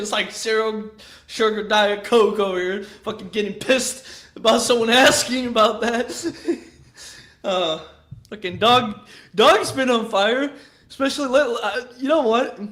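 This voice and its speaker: A man's voice: high voice, pushed and bright. A man hosting his own channel, chatting casually in a rambling, profane way, laughing a lot between thoughts. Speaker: channel host.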